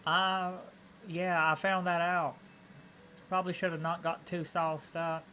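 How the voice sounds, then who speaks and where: A goofy male streamer talking over his game in a slightly high voice, rambling and tripping over words as he chuckles at his own play. A faint hiss runs underneath. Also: flat delivery, measured pace, sharp tone. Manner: goofy, rambling, laughs at himself. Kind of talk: casual let's-play commentary.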